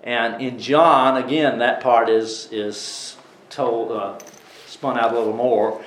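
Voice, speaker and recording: A man's voice: medium pitch, steady tone, slow pace, a bit bright. A man teaching a Bible study class in a conversational way, putting questions to the class as he goes. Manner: conversational, asks the class questions, many restarts. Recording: echoey room.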